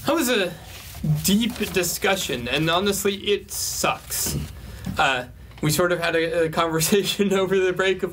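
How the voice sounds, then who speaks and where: Chatty high-voiced young man. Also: measured pace, fairly bright tone, slight background noise. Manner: chatty, laughs often, many fillers. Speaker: co-host answering viewer questions. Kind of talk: casual advice talk.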